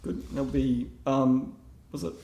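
A man's voice: mid-range voice, flat delivery, a little slow, dark tone, roomy sound, muffled recording. An Australian man, a knife maker, chatting casually on a podcast and rambling with many self-deprecating restarts.

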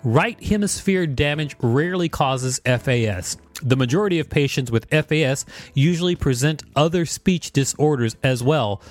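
A man co-hosting a podcast, taking turns reading a scripted explainer, with expressive asides. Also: medium pitch. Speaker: podcast co-host.

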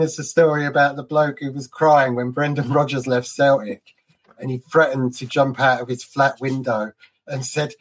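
A man's voice: mid-range voice, fairly even intonation, moderate pace. A man co-hosting a casual football podcast, chatty and fond of telling anecdotes. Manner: chatty storyteller, laughs at his own anecdotes. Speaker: podcast co-host.

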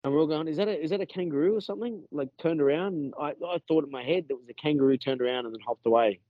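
A man's voice: fairly high pitch, rapid-fire, dry recording, narrow, tinny audio. A man with an Australian accent telling a story in a casual podcast chat, rambling and swearing with many restarts.

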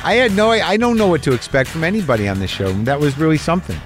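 A man hosts a podcast interview in an easygoing, conversational way. His pitch moves around a lot as he talks, and he swears casually and freely. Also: quick pace, faint music behind. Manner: animated, chatty, swears freely. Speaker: podcast host.

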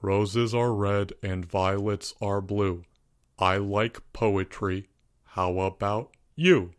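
A man voicing a dull schoolboy who recites in a flat monotone. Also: on the low side, takes it slowly, clear, resonant tone, no room sound, studio quality, voice pushed down.

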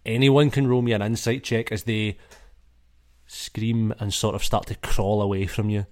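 A man's voice: on the low side, little pitch movement, normal speed. A man narrating and running a tabletop role-playing game in a casual, swearing way with many fillers. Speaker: game master.

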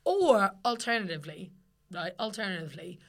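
This young Irish woman co-hosts a podcast, chatting casually, laughing, and swearing freely as she tells lively stories. Her voice is fairly low and her pace a little fast.

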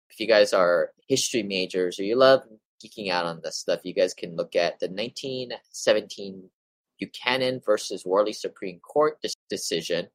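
A man with a fairly low voice hosts a real estate investing show, reading from articles and tossing in offhand opinions, stumbling now and then. The recording is rough, with no room sound.

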